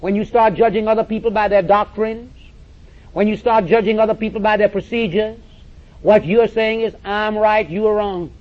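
A man's voice: sits high, steady tone, normal speed. A man preaching a sermon, emphatic and direct, repeating phrases and calling listeners to listen. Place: church or meeting hall with audience. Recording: dull lo-fi recording.

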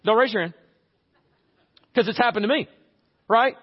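A pastor in a church sanctuary preaches conversationally and with humor, slipping into little everyday scenes. His strikingly high, slightly rough voice echoes through a long hall reverb on a somewhat dull-sounding recording.

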